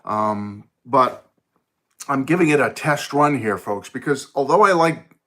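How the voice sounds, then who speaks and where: A man's voice: medium pitch, expressive, a little slow, a bit bright. A middle-aged man hosting a casual live stream from his home music room on a phone, chatting with viewers, greeting them by name and thinking aloud.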